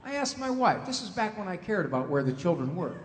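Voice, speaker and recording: A middle-aged man giving a comedic parenting talk, animated and acting out family members, in an echoey hall. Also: high voice, quick pace, noisy background. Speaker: speaker on parenting. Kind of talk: comedic talk to a live audience.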